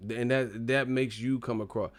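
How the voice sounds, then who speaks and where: A man's voice: medium pitch, steady tone, moderate pace, dry recording, studio quality. Profane joking man on a live stream. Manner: profane, joking, mocking rants. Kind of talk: casual live-stream commentary.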